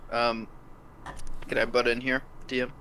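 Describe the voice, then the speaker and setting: A man's voice: mid-range voice, monotone, a little slow, pushed and bright, slight background noise. A man playing a tabletop game, joking and chatty. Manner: joking, talkative. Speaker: player. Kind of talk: casual tabletop play.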